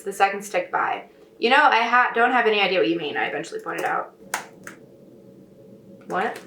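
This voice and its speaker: A woman writer with a medium-pitched, slightly bright voice reads from a novel and pauses between passages to offer sarcastic, snarky commentary casually. The recording is echoey with a little background noise.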